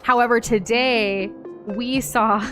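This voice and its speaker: Speaking slowly in a steady, higher-pitched voice, a woman co-hosts a gaming stream over background music. She chats casually and welcomes viewers, with lots of likes, ums and frequent giggles.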